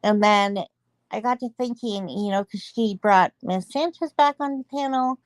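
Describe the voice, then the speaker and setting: A woman of middle pitch, talking earnestly and with feeling about an online dispute. She slips in small laughs between points, and the sound is dry and close. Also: normal speed, no room sound. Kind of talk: casual chat about online drama.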